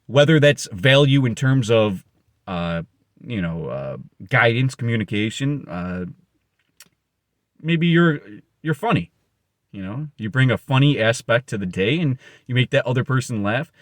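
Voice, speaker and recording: Blunt, swaggering man with a lively voice. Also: medium pitch, no echo, clean studio sound. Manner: blunt, boastful and profane; emphatic, rambling with self-corrections. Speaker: motivational speaker. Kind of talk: unscripted motivational monologue.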